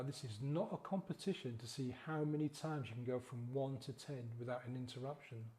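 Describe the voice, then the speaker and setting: A man guiding a slow, gentle breathing exercise as a sobriety coach, counting the breaths in a soothing way. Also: medium pitch.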